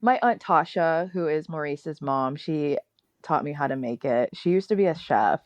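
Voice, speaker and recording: A young woman as a guest in a casual interview, upbeat and chatty and quick to laugh at herself. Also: deep voice, lively intonation, darkish tone, dry recording.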